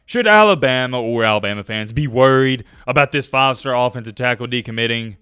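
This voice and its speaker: A man giving casual, joking sports commentary to his viewers, swinging between loud outbursts and quiet asides. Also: mid-range voice, fairly quick, clean tone, no room sound, clean studio sound.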